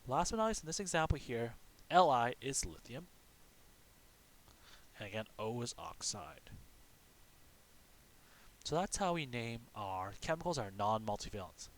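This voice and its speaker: A man's voice: mid-range voice, sing-song, unhurried, long pauses, a little hiss or hum. A man teaching a recorded lesson, explaining step by step and asking and answering his own questions, often checking in with "okay". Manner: frequent "okay" check-ins.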